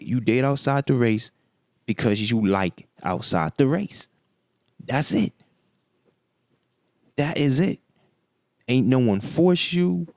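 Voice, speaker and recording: A man's voice: medium pitch, creaky, darkish tone, no echo, clean studio sound. A man hosting a reaction video, ranting bluntly and scolding with profanity. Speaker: commentary host.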